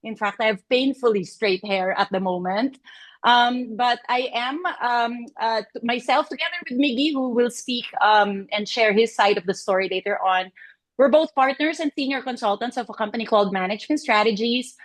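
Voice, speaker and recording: Lady presenting on a video call, chatty and excited, lots of "um", a bit high. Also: moderate pace. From Philippines. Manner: chatty and animated, with frequent "um" and laughs. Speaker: senior consultant presenting a case study. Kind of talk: online presentation.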